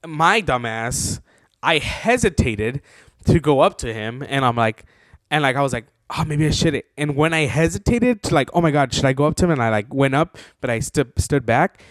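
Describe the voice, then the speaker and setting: A young man hosts his own podcast, telling a story in a loose, rambling way packed with fillers. His voice sits in an ordinary middle pitch and gets excitable as he talks. The sound is close and dry, with no room echo. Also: moderate pace. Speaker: podcast host. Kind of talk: casual storytelling.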